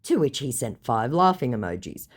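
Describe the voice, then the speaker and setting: A woman's voice: a bass voice, expressive, moderate pace, darkish tone. A woman reads out a chat with a scammer in sarcastic, mocking casual commentary. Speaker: vlogger exposing scammers.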